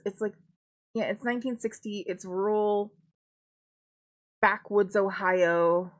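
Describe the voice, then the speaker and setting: Woman rambling through a casual stream chat. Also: mid-range voice. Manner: rambling, many fillers and restarts, casual swearing.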